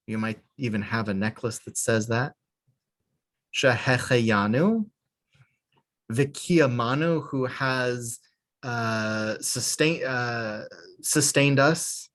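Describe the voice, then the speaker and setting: A man teaching a beginner Hebrew class, patient and a little hesitant, pausing with fillers as he explains. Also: mid-range voice, fairly bright tone.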